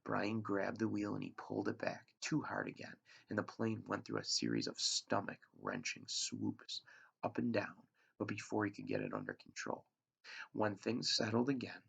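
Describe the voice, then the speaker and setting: A male teacher reads a chapter of a novel aloud, in a lively, expressive voice that swings up and down. His low voice is very gravelly and husky, and the recording sounds dull and lo-fi.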